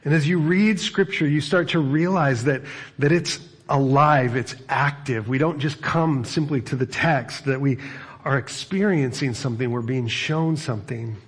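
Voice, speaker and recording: A middle-aged man preaching as a pastor, talking in a conversational, animated way with frequent asides. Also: mid-range voice, normal speed, husky. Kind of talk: sermon.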